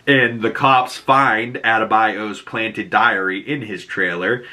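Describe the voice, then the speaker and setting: Bright-voiced Boston man recapping a show. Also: on the low side, slow. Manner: animated retelling with profanity and acted-out quotes. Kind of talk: casual episode recap.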